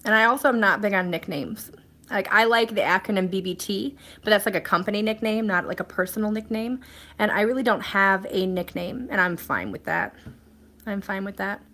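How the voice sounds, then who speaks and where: A woman's voice: medium pitch, brisk, fairly bright tone. A woman hosting a casual live stream, chatting and answering viewer comments in a rambling way with plenty of ums and restarts.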